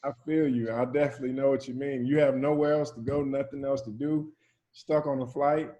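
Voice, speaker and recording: A former football player talking as a guest in a relaxed, agreeable casual chat. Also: male voice, mid-range voice, brisk, lo-fi sound.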